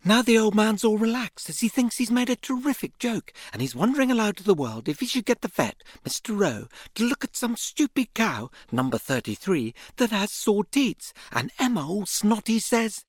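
Brief: woman narrator, husky, swooping lively pitch, wry first-person reading. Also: moderate pace, hardly any pauses. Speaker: reader.

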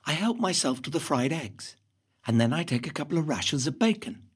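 Brief: woman narrator, husky, swooping lively pitch, wry first-person reading. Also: fairly quick. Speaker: reader.

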